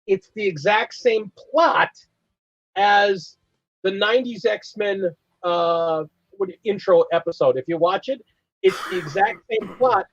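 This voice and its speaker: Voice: medium pitch, takes it slowly, no echo. Co-host: mid-range voice, playful banter over dull, dry call audio. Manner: playful, trivia-sharing banter. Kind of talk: casual live-stream chat.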